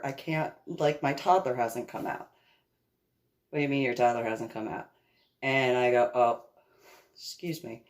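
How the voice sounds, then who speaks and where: A middle-aged woman telling a personal story in a casual way, acting out the other people's voices and laughing often. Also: sits low. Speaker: storyteller recounting a personal event.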